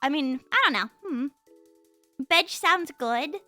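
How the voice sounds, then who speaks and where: Energetic bright-voiced woman streamer. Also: sits high, slow, no echo, soft background music. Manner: energetic, animated, rambling with restarts. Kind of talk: casual live-stream chat. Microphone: studio mic with compressor.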